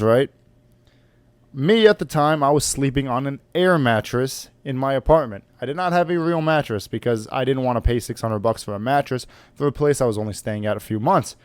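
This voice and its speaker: A man's voice: medium pitch, clear, resonant tone, no room sound. A man in his twenties telling a personal story to camera in a blunt, joking, profane way. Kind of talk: casual storytime monologue.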